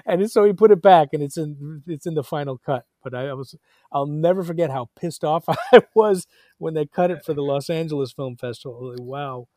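Male actor guest, 50s, animated rambling storyteller, dead-dry mic. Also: fairly high pitch, brisk, no echo. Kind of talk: casual interview anecdote.

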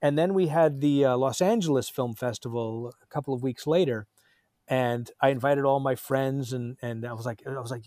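A man in his fifties, an actor telling a rambling, animated story in a casual interview. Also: medium pitch, moderate pace, no echo, studio quality.

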